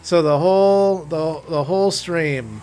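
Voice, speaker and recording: A man's voice: fairly high pitch, unhurried, darkish tone, a little hiss or hum. A man co-hosting a live game stream, chatting in a laid-back way, often stammering and restarting as he greets viewers by name. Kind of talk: casual chat.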